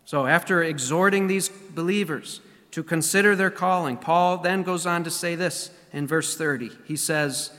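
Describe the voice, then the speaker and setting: A man preaching a sermon as pastor, speaking deliberately, slowing down and repeating key phrases for emphasis. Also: high voice, pushed and bright, long reverb tail. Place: church sanctuary.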